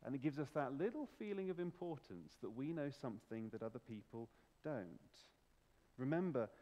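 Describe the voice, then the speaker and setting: Animated man preaching a sermon. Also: medium pitch, normal speed, big-room sound, muffled recording. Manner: animated, emphatic, rhetorical questions. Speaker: pastor. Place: church.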